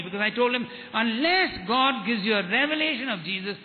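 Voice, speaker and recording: A man's voice: very high voice, expressive, fairly quick. A man giving a testimony sermon as an evangelist, telling stories with quoted dialogue and repeating his words. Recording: tinny phone-like sound with hall reverb.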